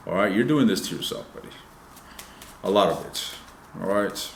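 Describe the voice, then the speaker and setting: 男性塔罗占卜师，声音偏低，房间有回声. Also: male voice, low-pitched, very animated, moderate pace, creaky, reverberant, a little hiss or hum. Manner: loose, profane, talks straight to viewers. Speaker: tarot reader. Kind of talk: casual tarot reading.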